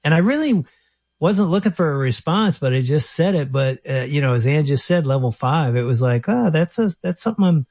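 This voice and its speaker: A man, a pastor, guesting on a radio show and telling a story in an emphatic, animated way. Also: medium pitch, a little fast, no room sound, clean studio sound. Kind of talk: casual radio conversation.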